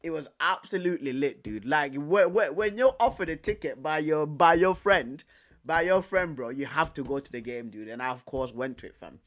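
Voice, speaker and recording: A young man with a fairly high voice streams in a loose, chatty way. He piles on slang like "bro" and "fam," trips over his own words and repeats phrases as he reacts to his chat. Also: animated, normal speed, fairly bright tone. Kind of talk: casual live commentary reacting to chat.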